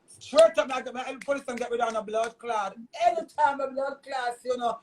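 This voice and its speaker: Man, Jamaican accent, very high voice, loud cursing rant, live-stream talk. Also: steady tone, brisk. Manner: loud, cursing, repeats himself.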